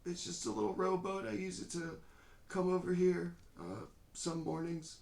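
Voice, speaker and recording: A man's voice: high-pitched, animated, normal speed, creaky, a little mellow, reverberant, pitched above the performer's own voice. A man doing a frail, stammering old man. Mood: frail, fretful. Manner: faltering, stammering speech. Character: frail hunched old man, timid and fumbling.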